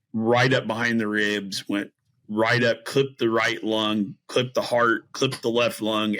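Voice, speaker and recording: In a rough recording, a middle-aged man with a lowish, sharp-toned voice guests on a podcast. A bowhunter and string maker, he tells an animated, casual story, acting out how he reacted and using lots of fillers.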